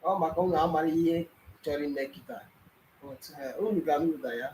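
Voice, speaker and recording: Nigerian man, high voice, sneering reaction commentator, roomy echo. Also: quick pace, warm tone. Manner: scornful, mocking, insulting.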